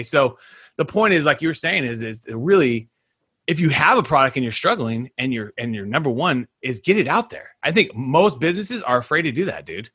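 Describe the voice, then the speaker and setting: A man hosting a casual podcast, energetic and slangy, calling listeners dude and guys. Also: medium pitch, a little fast, slightly rough. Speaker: podcast host.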